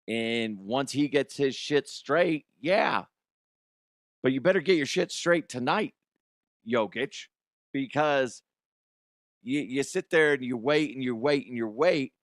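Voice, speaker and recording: Profane ranting man, lively pitch. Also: no room sound, clean studio sound. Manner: blunt, cursing, ranting, animated. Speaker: sports comedy podcast host. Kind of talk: profane sports rant.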